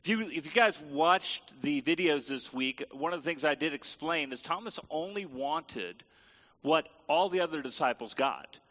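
A pastor with a bright, forceful voice preaches in a conversational way, putting questions to his congregation. His voice rings with a long reverb from a large church hall. The recording sounds a little muffled. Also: a little high, animated, normal speed. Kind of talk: sermon. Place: church sanctuary.

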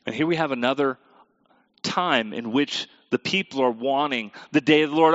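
A pastor preaching a sermon, reading scripture aloud and asking the congregation questions, moving between quiet and emphatic delivery. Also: male voice, medium pitch, normal speed, no echo, dull audio. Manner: asks the audience questions directly.

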